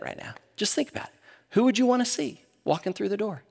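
A middle-aged man preaching a sermon, swinging between animated emphasis and hushed, quiet moments. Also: sits high, fast talker, vocal fry. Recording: long hall reverb.

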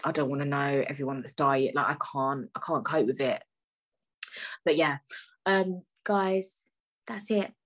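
A woman's voice: extremely low pitch, fairly even intonation, measured pace, fairly bright tone. A young woman hosting a solo podcast, talking frankly and with exasperation, swearing freely and leaning on fillers like "like" and "I don't know". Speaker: podcast host.

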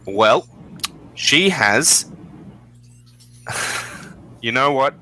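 A man narrating a tabletop game as game master, in a casual, unhurried way with many fillers. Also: medium pitch, lively intonation, pushed and bright, poor audio.

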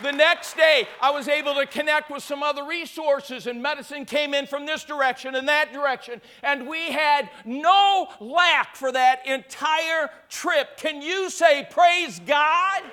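A man preaches a sermon with a high-pitched voice. His tone is bright and forceful, and he works up into shouts as he calls on his listeners to answer back. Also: measured pace, few pauses. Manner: preaching with rising shouts and call-and-response. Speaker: pastor.

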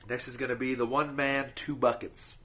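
A man's voice: medium pitch, flat delivery, normal speed, pushed and bright. A man hosting a podcast, telling short stories in an easygoing way with frequent restarts. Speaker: podcast host. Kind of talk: casual storytelling.

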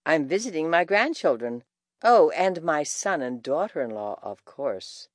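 A woman's voice: low voice, very animated, a little slow, dry recording, clean studio sound, exaggerated voice. An actress playing a friendly older grandmother who chats politely on the phone in a scripted language-lesson dialogue. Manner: polite, cheerful small talk. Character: friendly grandmother visiting her family. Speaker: phone interviewee.

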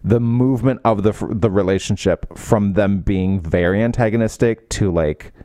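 A man's voice: fairly low pitch, normal speed, no echo, clean studio sound. A man co-hosting a casual book chat, recapping scenes and acting out character quotes. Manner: animated, acts out character quotes in lifted voices. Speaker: book podcast co-host.

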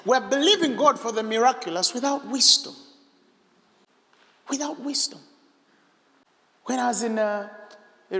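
In an echoey hall, a man with a high voice preaches a charismatic sermon, emphatic and animated, breaking into shouts and putting questions to the congregation.

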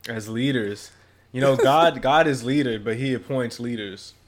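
A man co-hosting a podcast in casual chat, slangy and quick to laugh. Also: medium pitch. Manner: laughing, slangy, animated banter. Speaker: podcast co-host.

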